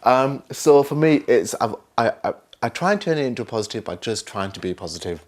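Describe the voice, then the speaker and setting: A man with a Northern English accent, an actor talking candidly in an interview, animated and self-mocking. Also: mid-range voice, brisk. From north of England. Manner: animated, self-mocking, acts out other voices.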